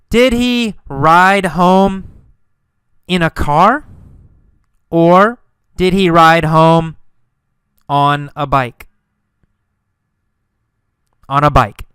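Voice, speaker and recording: Male teacher, very slow and deliberate, bright crisp tone, dry close mic. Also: fairly high pitch, no echo. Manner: slow, emphatic, repeats key words. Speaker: English teacher. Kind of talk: slow English lesson narration.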